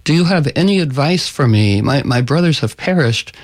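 A man's voice: medium pitch, animated, moderate pace, dry recording, close to an everyday voice. A man doing a clever, determined princess. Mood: polite. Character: Princess Parizada, clever, determined young woman.

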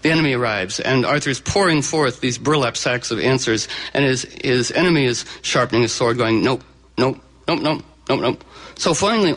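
A man's voice: mid-range voice, fairly bright tone, poor audio. Chatty storytelling man. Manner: chatty, digressive, many fillers. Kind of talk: live oral storytelling to an audience.

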